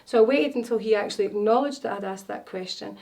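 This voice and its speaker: A woman's voice: mid-range voice, fast talker, a little mellow, recorded from a distance. Woman in her 40s chatting, lots of ums, a bit off mic. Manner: chatty, storytelling, many fillers and restarts. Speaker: wellness consultant guest. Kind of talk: casual interview chat.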